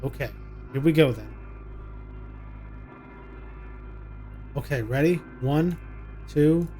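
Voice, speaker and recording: A man voicing a frightened young mother who talks to her little son in a hushed, soothing way, reading game dialogue aloud. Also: a little high, moderate pace, soft background music, lightly acted. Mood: urgent, tender. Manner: hushed and soothing, coaxing a child.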